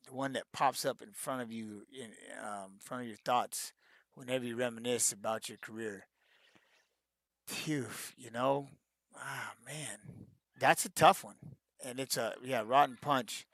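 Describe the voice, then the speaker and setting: A man's voice: medium pitch, moderate pace, a bit bright, no room sound, studio quality. A middle-aged man, a retired fighter, answering fan questions in a casual live-stream Q&A, rambling with many restarts and fillers.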